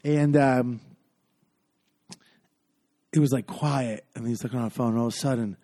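A man's voice: medium pitch, moderate pace, pauses often, darkish tone. A man telling a long story in casual podcast chat, rambling with many fillers and acting out what people said.

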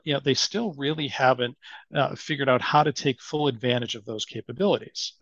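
A man's voice: medium pitch, vocal fry, fairly bright tone, no echo, highs cut off. A man with a Boston accent, a guest on a podcast interview, talking thoughtfully with many "you know" fillers. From Boston area. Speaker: guest, asset management strategist.

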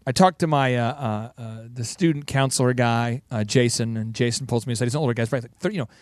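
A man's voice: mid-range voice, quick pace, no echo, clean studio sound. A middle-aged man hosting a casual talk show, telling stories with laughter and restarted sentences. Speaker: host.

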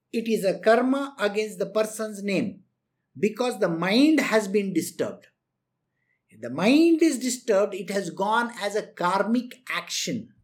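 A woman giving an earnest spiritual discourse, lecturing her listeners directly. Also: medium pitch. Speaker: spiritual teacher.

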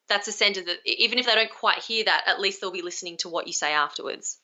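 Bright, energetic woman coaching over a call. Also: mid-range voice, fast talker, muffled recording. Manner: energetic, demonstrative, acts out example phrases. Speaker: communication skills coach. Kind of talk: podcast interview over video call. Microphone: video call.

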